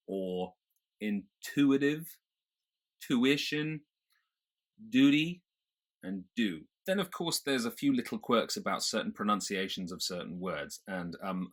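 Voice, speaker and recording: A man's voice: fairly low pitch, a bit bright. A man with a British accent, an accent coach explaining and demonstrating pronunciation, with some hesitant fillers. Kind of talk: pronunciation lesson.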